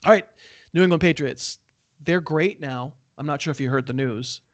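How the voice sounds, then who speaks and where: A man hosting a casual sports betting chat, animated and self-deprecating, often chuckling. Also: fairly high pitch, moderate pace, dry recording. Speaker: sports betting podcast host.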